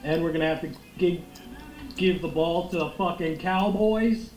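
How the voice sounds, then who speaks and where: A young man giving loud, excitable, profane commentary while playing a football video game. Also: fairly high pitch, moderate pace. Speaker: gaming streamer. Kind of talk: live gameplay commentary. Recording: echoey room with faint noise.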